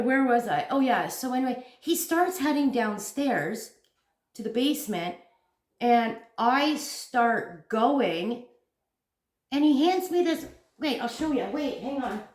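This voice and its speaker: A woman hosting a crochet channel, telling a story to camera in a casual, animated and jumpy way, laughing at herself. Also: fairly high pitch. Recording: echoey room.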